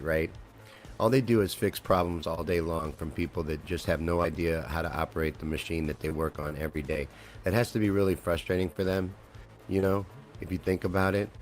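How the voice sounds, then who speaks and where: A man hosting a live comedy stream, rambling and swearing freely while he riffs on memes and news and asks viewers questions. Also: deep voice.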